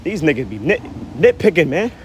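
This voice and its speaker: A man's voice: fairly high pitch, sing-song, fairly quick, slight background noise. A man giving blunt, profane scripture commentary outdoors. He reads verses aloud, then explains them in slang, tagging his lines with "man" and "right?" He is short of breath. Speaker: religious commentator. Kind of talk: preachy street-corner scripture commentary.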